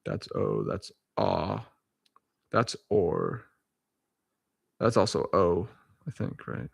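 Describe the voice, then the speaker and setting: A man's voice: deep voice, big pitch swings, slow, creaky, breathy edge, no room sound, highs cut off. A man in a casual vlog reading dictionary abbreviations aloud letter by letter. He chuckles often, corrects himself and drifts into rambling asides. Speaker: vlogger.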